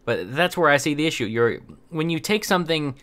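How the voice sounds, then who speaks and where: A man's voice: fairly high pitch, expressive, fairly quick, a bit bright. A young man giving casual opinion commentary as host, rambling with many fillers and restarts.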